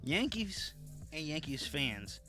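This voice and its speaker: A man's voice: a little high, big pitch swings, slow, pushed and bright, faint music behind. A man co-hosting a casual podcast chat, crude and wisecracking. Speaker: podcast co-host.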